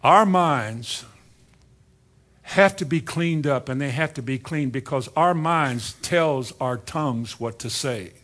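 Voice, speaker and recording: A man preaching a sermon, asking the congregation rhetorical questions, with dry, sarcastic humor and swings between quiet asides and rising emphasis. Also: mid-range voice, very animated, takes it slowly.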